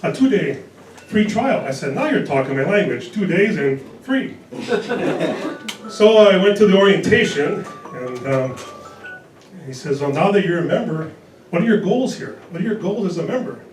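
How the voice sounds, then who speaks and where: A man in his early sixties performing a stand-up comedy set on a club stage, delivering dry one-liners in a deadpan way. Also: sits high, moderate pace, long pauses, soft background music. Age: 60s. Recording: echoey club recorded from a distance. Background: audience laughter.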